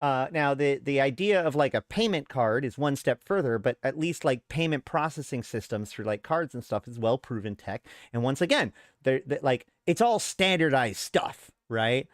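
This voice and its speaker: A man's voice: mid-range voice, normal speed, few pauses, no echo, clean studio sound. A man hosting his show, telling a frustrated story in a casual rant and acting out what other people told him. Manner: animated storyteller, acts out others' replies. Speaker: show host. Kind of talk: casual rant to a live audience.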